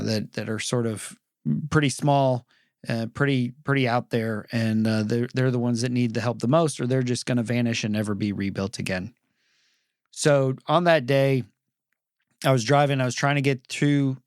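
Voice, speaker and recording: A man talking as a guest on a casual podcast, rambling with many pauses and restarts. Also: mid-range voice, no echo, studio quality.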